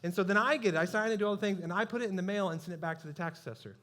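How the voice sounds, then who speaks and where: Male pastor, higher voice, conversational sermon, self-deprecating asides. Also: rapid-fire, fairly bright tone.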